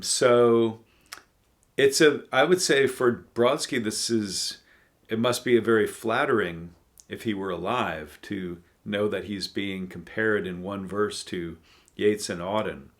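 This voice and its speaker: A man with a lowish voice reads poetry aloud and muses over it at an unhurried pace. He thinks out loud, trailing off and filling gaps with frequent ums. It sounds like a relaxed, casual reading and commentary. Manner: thoughtful, musing, hesitant with frequent ums. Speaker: channel host reading poems aloud.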